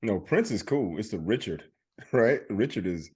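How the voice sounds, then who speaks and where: A man's voice: lowish voice, animated, moderate pace, a little mellow, breathy edge. A man from Alabama co-hosting a podcast in casual chat, laid-back and laughing often. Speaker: podcast co-host.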